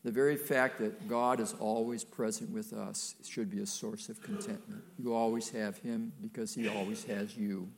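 A man's voice: lowish voice, fairly even intonation, normal speed, creaky, hardly any pauses. An older man preaching a sermon, folksy and emphatic, with playful asides to the congregation.

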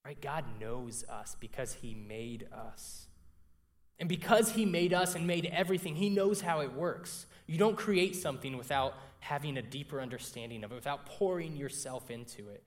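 A man's voice: mid-range voice, lively intonation, normal speed. A young man preaching a sermon, telling a personal story in a conversational way and often checking in with the congregation. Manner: conversational, frequent "right?" asides to the congregation.

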